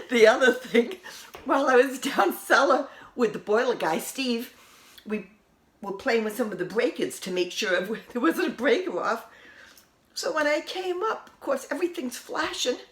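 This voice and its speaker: A woman's voice: fairly high pitch, unhurried. A woman, telling a story casually at home and laughing often. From New England. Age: 60s. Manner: excitable, laughs often, exasperated humor. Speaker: vlogger.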